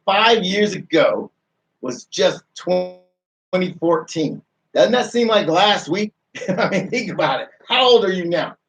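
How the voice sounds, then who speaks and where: A man hosts a motivational radio show with a slightly high voice. He keeps asking rhetorical questions and repeats words as he restarts his sentences. He sounds a little distant from the microphone.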